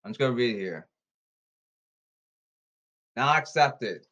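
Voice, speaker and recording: A man rambling to his audience, reading rules off his phone and repeating himself insistently, with halting restarts. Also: mid-range voice, expressive, a bit bright. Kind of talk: rambling monologue to camera.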